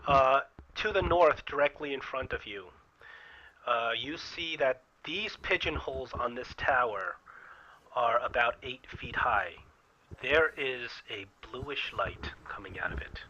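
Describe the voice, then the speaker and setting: A man narrating as dungeon master, describing scenes in a halting way with many repeated words. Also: medium pitch, pushed and bright, lo-fi sound. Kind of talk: narrating a tabletop game.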